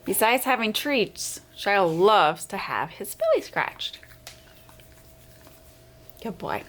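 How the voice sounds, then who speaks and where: A woman hosting a children's storytime, reading a picture book aloud with expressive sound effects. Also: mid-range voice, slow. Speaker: storyteller host.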